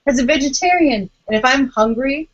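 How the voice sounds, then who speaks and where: Laughing, animated woman hosting a web show. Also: high voice, a little fast, lo-fi sound. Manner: animated, laughs often, playful teasing. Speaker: host of a live web show. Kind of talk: casual chat on a live-streamed video call. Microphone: video call.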